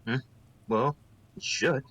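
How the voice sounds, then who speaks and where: A man's voice: mid-range voice, slow, fairly bright tone, poor audio. A man playing a tabletop game, giving easygoing replies. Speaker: player. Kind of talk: casual tabletop play.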